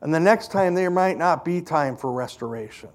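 A man voicing Jesus, calm and commanding. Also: fairly high pitch, moderate pace, close to an everyday voice. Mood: firm.

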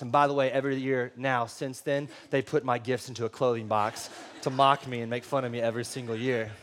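A man, preaching a sermon and telling personal stories in a joking, conversational way to the congregation. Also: mid-range voice. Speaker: pastor.

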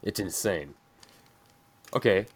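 A podcast host chats casually in a low, expressive voice, taking his time. His talk is loose and packed with "like" fillers.

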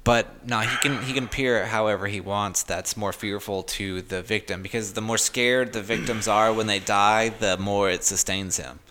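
A man's voice: fairly low pitch, steady tone, normal speed, few pauses, a bit bright, a little hiss or hum. A man from Boston hosting a casual podcast chat at his house, with blunt, dry humor. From Boston, United States. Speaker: podcast host.

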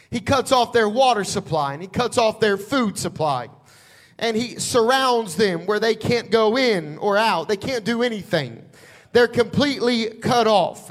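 High-voiced preacher storytelling with dramatic force. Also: male voice. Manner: dramatic storytelling, building to shouts. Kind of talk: sermon.

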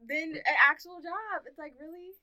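A woman in a casual podcast chat who reacts fast and laughs along. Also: very high-pitched, pushed and bright.

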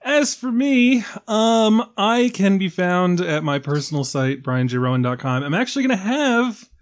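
A man's voice: sits high, animated, normal speed. A man hosting a film podcast in casual chat, joking and laughing often. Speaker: podcast host.

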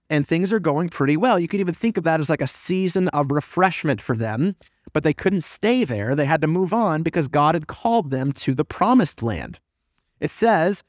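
A man preaching a sermon as a pastor in a church, lively and emphatic, with dry humorous asides. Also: a little high, no room sound. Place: church sanctuary.

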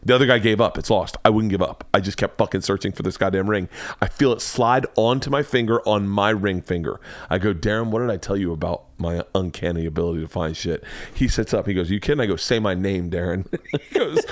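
A man's voice: lowish voice, quick pace, no room sound. A man podcast host telling a story with big energy, acting out quotes and swearing freely. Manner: loud, excitable, acts out quotes, swears a lot. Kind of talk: animated storytelling. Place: home studio, man cave.

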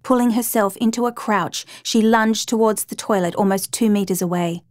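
A woman narrating a true crime story in a steady, measured reading voice. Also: mid-range voice, no echo, clean studio sound.

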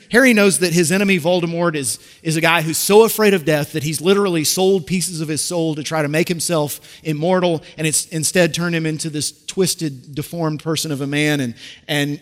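A middle-aged man preaching a sermon, conversational and animated, with rhetorical questions and frequent restarts. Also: a little high, in a large hall. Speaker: pastor.

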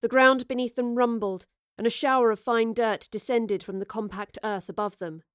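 A woman narrating a fantasy audiobook in a steady, expressive storytelling voice. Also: a little high, moderate pace, dry recording, clean studio sound. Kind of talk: scripted narration.

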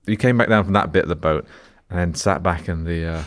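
Very deep-voiced man telling a story. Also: brisk. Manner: dry, self-mocking anecdote telling. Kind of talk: casual storytelling.

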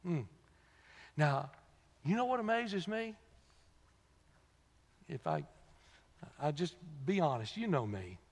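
Folksy preacher in a reverberant hall. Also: male voice, on the high side, sing-song, slow, long pauses. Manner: folksy storytelling, swings from soft asides to loud emphatic peaks. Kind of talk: sermon. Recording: long reverb of a large hall.

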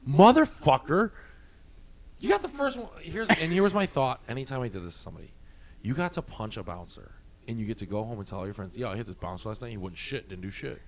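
Man, casual storyteller, profane and animated, mid-pitched. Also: fast. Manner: animated, profane, laughs often.

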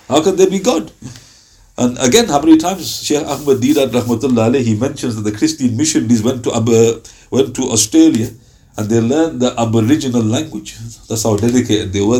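A man teaching a Ramadan Quran commentary class, telling stories lively and reciting verses in Arabic. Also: medium pitch.

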